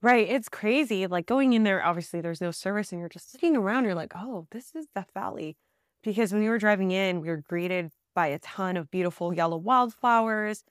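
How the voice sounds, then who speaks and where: A woman tells her adventure story in a casual, animated way, with plenty of fillers and laughter. Her voice sits at an everyday middle pitch. The recording is dry and close. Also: fairly quick, hardly any pauses, clean tone, dry recording. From Southern California. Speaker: podcast guest.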